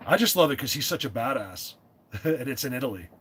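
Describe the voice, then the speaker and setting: A man hosting a live stream, chatting casually and rambling, often clearing his throat and restarting his sentences. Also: medium pitch, big pitch swings, a little fast, a bit bright.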